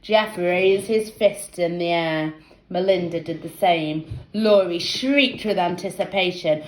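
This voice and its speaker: A woman teacher reading a children's book aloud with lively storytelling. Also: on the low side, slow pace, reverberant, poor audio.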